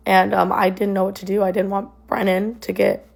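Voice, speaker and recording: A woman's voice: mid-range voice, flat delivery, brisk, vocal fry. A young woman casually recounting a personal story, rambling with lots of "like" and "um". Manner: rambling, filler-heavy retelling with many "like" and "um".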